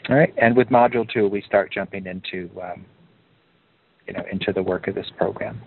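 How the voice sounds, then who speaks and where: Calm coaching man on a tinny line. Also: fairly quick, creaky, slight background noise. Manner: calm, encouraging, rises in pitch for emphasis. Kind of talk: group coaching call. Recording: narrow phone-like line.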